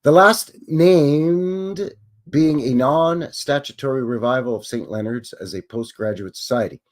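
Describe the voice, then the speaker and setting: A man's voice: mid-range voice, measured pace. A man hosting a live stream, reading passages aloud and breaking off for wry, self-deprecating comments.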